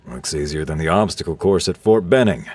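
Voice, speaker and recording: Male narrator as veteran drill instructor: clipped, dry, low voice. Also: animated, fairly quick, darkish tone.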